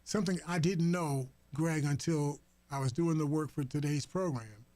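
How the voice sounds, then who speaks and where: A man hosting a talk radio program, commenting on the news in a halting way, full of fillers and restarts. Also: a little high, warm tone, dry recording. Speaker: radio host. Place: radio studio. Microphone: studio microphone.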